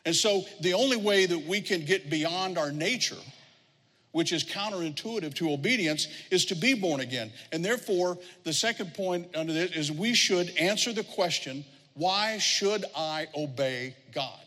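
A middle-aged man preaches as pastor in a high, animated, somewhat bright voice at normal speed. He tells stories and acts out the voices of the people he quotes, with long hall reverb on the recording.

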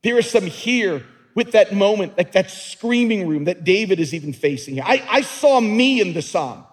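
A man's voice: sits high, animated, normal speed, husky. A male pastor preaching a sermon to a congregation in an earnest, emphatic way, often repeating and restarting words. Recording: long reverb in a large hall.

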